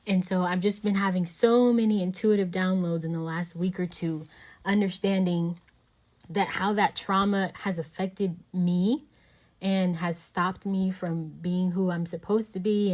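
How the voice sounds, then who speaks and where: A woman's voice: lowish voice, steady tone, a little slow, a little mellow. Reflective woman musing on a podcast. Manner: reflective, meandering, many "you know" fillers. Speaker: podcast host. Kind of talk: casual podcast conversation.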